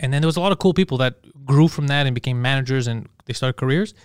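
A male podcast host telling stories in a casual chat, animated and full of swearing. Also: mid-range voice, quick pace, clear, resonant tone, no echo, clean studio sound. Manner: animated, swears a lot, acts out quotes.

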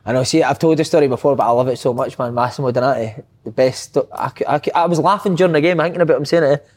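A Scottish former footballer in casual chat, telling animated stories and laughing often. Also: male voice, medium pitch, racing.

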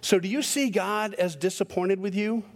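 A man's voice: high-pitched, normal speed. A male pastor giving a sermon in a conversational way, telling stories with animation. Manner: conversational preaching with animated storytelling.

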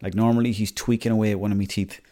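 A man's voice: lowish voice, little pitch movement, rapid-fire, warm tone. Irish man rambling on a podcast. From Ireland. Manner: rambling, chatty, swears freely. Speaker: podcast host. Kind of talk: casual solo podcast monologue.

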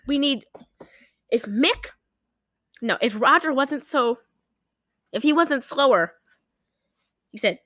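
A young woman tells a film's plot in a loose, rambling way, jumping back and forth and acting out the lines. Her voice sits a little high. The sound is dry and close, with no room around it. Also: slow, pauses often, no room sound. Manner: rambling, animated retelling with acted-out quotes. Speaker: podcast co-host recapping a film. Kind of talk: casual chat.

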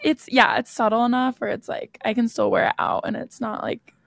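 A woman's voice: fairly high pitch, level tone, brisk, gravelly, dry recording. A young woman co-hosting a podcast, telling stories in casual chat with lots of "like.". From United States. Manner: chatty, storytelling, frequent "like". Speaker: podcast co-host.

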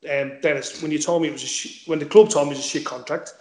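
Fast-talking sweary man, echoey room. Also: on the high side, darkish tone. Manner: swears freely, tells stories with quoted dialogue. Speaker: former footballer guest. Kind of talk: casual anecdote-telling.

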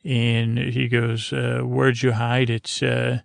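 Man, podcast host, monotone gravelly rambling recap, dry close sound. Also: medium pitch, takes it slowly, no room sound. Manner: rambling, full of uh and "he goes" asides. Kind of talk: casual, drowsy recap.

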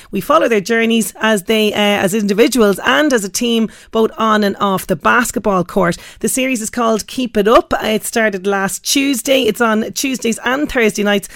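A woman hosting a radio interview, chatty and warm, with lots of fillers. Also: fairly high pitch, no room sound, clean studio sound. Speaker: radio host.

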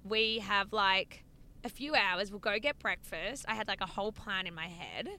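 Woman, young adult, bright voice, casual sweary chat, car recording with faint road hum. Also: medium pitch, moderate pace. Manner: animated, swears a lot, laughs often. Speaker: podcast co-host. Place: inside a car.

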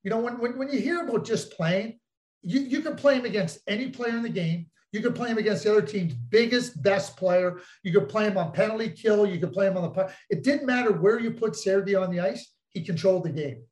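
A man's voice: high-pitched, a little fast. Man telling hockey stories, echoey. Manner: teasing, animated anecdotes. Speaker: podcast co-host, former hockey executive. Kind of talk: casual storytelling chat.

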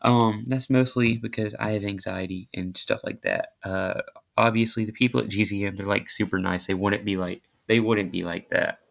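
A man's voice: on the low side, steady tone, moderate pace, creaky. A man hosting his own podcast, telling a story in a rambling, self-deprecating way with many fillers and restarts. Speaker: podcast host. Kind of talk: casual storytelling monologue.

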